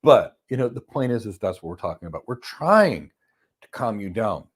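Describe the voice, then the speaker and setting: A man giving a motivational talk on stress, telling stories with emphatic bursts that drop to soft, calm lines. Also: lowish voice, moderate pace, husky. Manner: animated storyteller, swings from loud emphasis to soft calm. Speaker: host. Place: lives in Florida.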